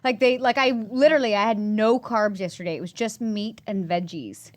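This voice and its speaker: A woman's voice: medium pitch, normal speed. A woman hosting a podcast, chatting casually and rambling, tired and a bit loopy, laughing often. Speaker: podcast host.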